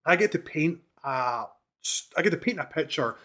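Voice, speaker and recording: A young man with a deep voice, telling stories in casual podcast chat as a dungeon master, animated and rambling, with restarts and swearing. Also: normal speed.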